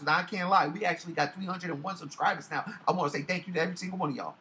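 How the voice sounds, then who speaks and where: A man's voice: high-pitched, big pitch swings, very fast, few pauses, sharp tone. A man in his forties hosting his own channel, ranting casually to camera in a profane, emphatic way that repeats points for effect. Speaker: YouTube channel host.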